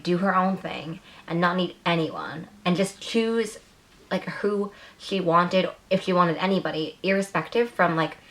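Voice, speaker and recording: A woman's voice: on the low side, fairly bright tone. A woman talking casually to camera in a rambling, frustrated book review with lots of filler words.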